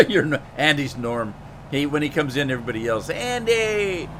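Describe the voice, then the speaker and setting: A man's voice: mid-range voice, fairly quick, fairly bright tone, slight background noise. A man casually chatting with his live stream viewers while playing a farming game, rambling with lots of fillers and asides to chat. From Pacific Northwest of the United States.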